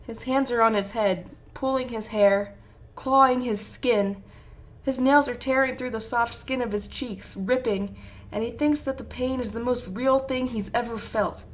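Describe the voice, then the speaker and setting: A woman's voice: a little high, fairly even intonation, measured pace. A woman reading a fan fiction story aloud with intense, emotive narration. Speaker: fanfiction reader.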